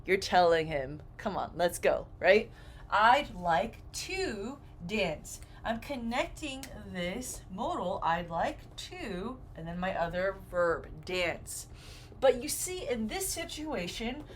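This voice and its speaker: A woman teaches English grammar at an unhurried pace, her pitch swinging widely as she acts out little example phrases. A faint hiss of background noise sits under her voice. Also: expressive. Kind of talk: grammar lesson.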